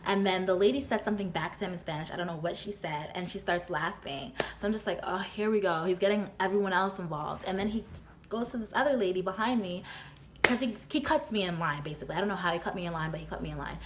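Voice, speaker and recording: A young adult woman telling a storytime vlog, chatty and full of fillers, her voice jumping high when she quotes her own disbelief. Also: quick pace, slight background noise. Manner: chatty, filler-heavy, often laughing. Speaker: vlogger. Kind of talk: storytime retelling.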